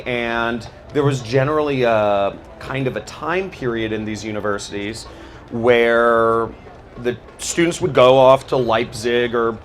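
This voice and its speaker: A man's voice: medium pitch, slight background noise. A man giving a loose, rambling talk, full of fillers and restarts. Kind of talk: casual spoken talk on history.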